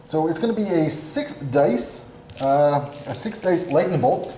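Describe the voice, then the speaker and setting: A man's voice: a little high, animated, a little slow, dark tone. Joking man narrating a tabletop game. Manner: self-deprecating, joking, narrates his moves aloud. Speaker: tabletop game player and channel host. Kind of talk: casual battle report commentary. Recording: echoey room with faint noise.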